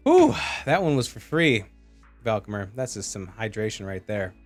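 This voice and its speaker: A man's voice: on the low side, wildly swooping pitch, moderate pace, soft background music. A man casting a live esports match, chatty and joking as he reads out chat messages. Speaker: esports caster.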